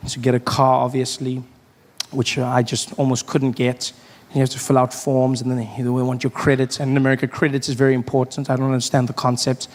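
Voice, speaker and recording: A man doing stand-up, telling a story in an animated way and jumping into loud shouts. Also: medium pitch, a little fast. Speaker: stand-up comedian.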